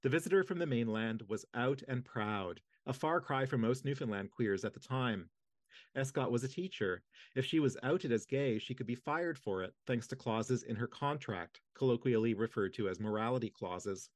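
A man reading nonfiction history aloud in a measured, steady narration. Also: medium pitch, no echo. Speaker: reader of a history book. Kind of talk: audiobook-style reading.

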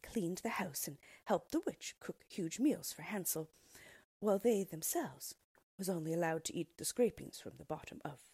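Breathy woman reading a fairy tale. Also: low voice, dark tone, dry recording. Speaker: storyteller. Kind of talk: fairy tale read aloud.

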